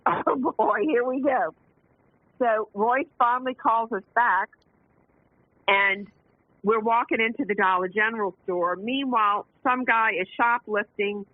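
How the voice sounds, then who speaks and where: Woman caller, animated storyteller, laughs a lot, tinny phone-line sound, very dry. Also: fairly high pitch, dry recording. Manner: animated, laughs often, acts out quotes. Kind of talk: storytelling on a call-in show.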